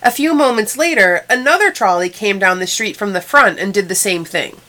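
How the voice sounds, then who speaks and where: A woman hosting a history segment, giving scripted narration in a dramatic, measured storytelling manner. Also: medium pitch, lively intonation, pushed and bright.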